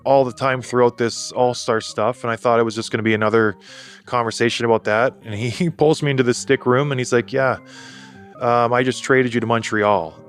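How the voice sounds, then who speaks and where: A man's voice: mid-range voice, fairly even intonation, brisk, faint music behind. A man in his thirties, an interview guest, candidly retelling heated conversations and quoting others as he goes. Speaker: interview guest, former hockey player. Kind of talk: casual storytelling interview.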